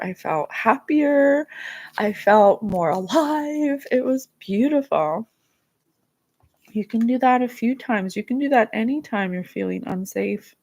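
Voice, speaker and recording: A psychic host speaks to her listeners in a soft, earnest and emotional tone. Her mid-pitched voice has a gravelly fry running through it. She talks like someone offering heartfelt spiritual advice. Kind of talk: spiritual guidance talk, reading viewer comments.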